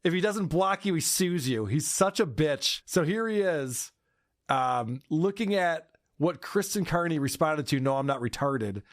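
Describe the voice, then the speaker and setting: A man's voice: on the high side, animated, measured pace, dry recording, studio quality. A man hosting a podcast, recapping a feud with crude, laughing sarcasm. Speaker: podcast host. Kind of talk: mocking podcast commentary.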